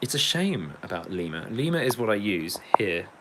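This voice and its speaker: A man's voice: on the low side, big pitch swings, moderate pace, very noisy. An English man chatting casually on a livestream, rambling, joking, swearing and reading viewer comments aloud. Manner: rambling, sweary, jokey, reads chat aloud. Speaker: livestreaming musician.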